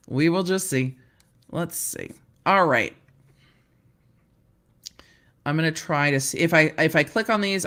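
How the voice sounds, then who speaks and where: Woman, live-stream legal commentator, chatty and joking, bright tone, hotel room. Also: sits low. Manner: chatty, laughing, self-deprecating. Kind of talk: casual live-stream chat.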